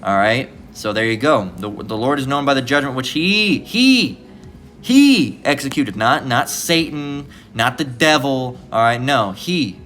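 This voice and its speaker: A man's voice: mid-range voice, expressive, unhurried, a bit bright, soft background music. A man giving an informal, rambling scripture lesson, swearing freely and ending many lines with "all right?". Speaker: preacher.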